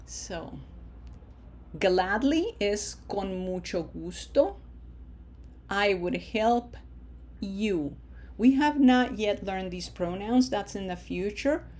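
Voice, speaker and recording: A woman teaching a language lesson, stretching out example words slowly and talking in a patient, explaining way. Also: mid-range voice, a little mellow, slight background noise. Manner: slow, drawn-out modeling of words, then quick asides.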